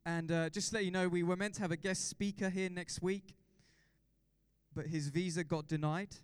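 Male pastor, high clear voice, dry close sound; fired-up preacher who keeps quizzing the room. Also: moderate pace, dry recording. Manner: excitable, exhorting congregation with repeated questions. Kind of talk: sermon.

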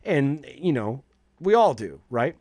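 Profane, animated male storyteller. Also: mid-range voice, slow pace, dry recording, studio quality. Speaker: chef and podcast host, interview guest. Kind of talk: casual storytelling in an interview.

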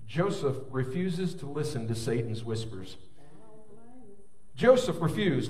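A man's voice: mid-range voice, expressive, moderate pace, darkish tone, recorded from a distance. A man preaching a sermon, telling a personal story and building to fervent appeals. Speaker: pastor.

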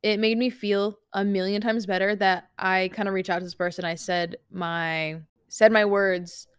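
A young woman coach chatting casually in a vlog, animated and full of fillers, acting out her own past lines. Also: medium pitch, moderate pace, clean tone, dry recording, studio quality. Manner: chatty, animated, lots of fillers and quoted self-talk.

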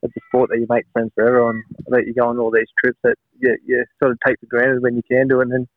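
Aussie bloke, 30s, rambling guest, dry phone sound. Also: male voice, medium pitch, completely flat delivery, fast talker, no echo. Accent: Australian. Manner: laid-back, rambling. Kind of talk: casual chat. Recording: tinny phone line.

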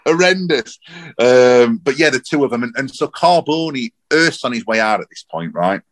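A man, rambling and animated in casual football chat on a podcast. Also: medium pitch, normal speed. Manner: rambling, animated, repeats himself. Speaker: podcast co-host.

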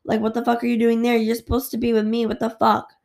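A jealous ex-girlfriend hurls quick, profane accusations down the phone, as a woman puts her on. Her voice sits a little high with a gravelly edge. It comes out rushed and loud. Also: completely flat delivery, close to an everyday voice. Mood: furious.

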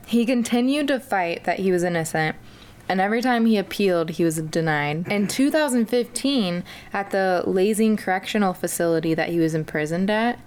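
Speaking at medium pitch and normal speed, a woman hosts a casual true-crime podcast. She swears freely and tells her stories with animation, acting out the people she quotes.

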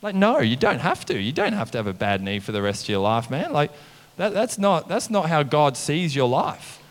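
Animated male pastor in a reverberant hall. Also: medium pitch, normal speed. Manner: animated, conversational preaching with mimicked voices and "come on" refrains. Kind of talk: sermon.

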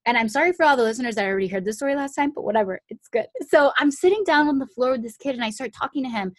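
A woman's voice: high-pitched, racing, no room sound. A young adult woman hosting a podcast, telling a personal story in a casual, chatty way, full of "like" and "um" and frequent restarts. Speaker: podcast host.

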